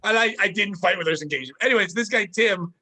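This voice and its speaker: High-voiced animated man telling stories. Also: fast. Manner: animated, profane, mimics people mid-story. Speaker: podcast co-host. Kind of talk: casual storytelling chat.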